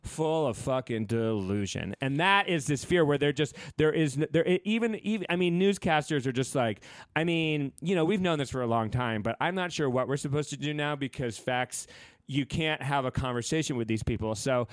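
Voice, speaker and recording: A man's voice: a little high, expressive, normal speed, no room sound. A man co-hosting a podcast in casual chat, rambling with fillers and restarts, joking and swearing. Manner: profane, joking. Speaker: podcast co-host.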